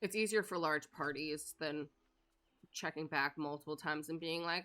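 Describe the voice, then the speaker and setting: Low-pitched yet bright and forceful, her voice moves at a normal pace. The streamer talks casually while playing a game, wandering between topics with lots of filler words and laughs.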